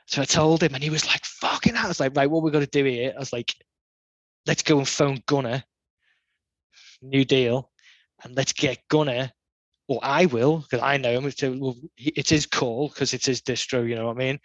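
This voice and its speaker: Man, middle-aged, casual storytelling, animated, swears a lot, dry sound. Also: medium pitch, moderate pace, no room sound, lo-fi sound. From Liverpool, England. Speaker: podcast guest, skate photographer.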